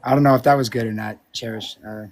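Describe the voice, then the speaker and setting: Man, live stream co-host, casual chat, joking, swears a lot, mid pitch. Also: steady tone, fast. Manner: joking, swears often, laughs at himself.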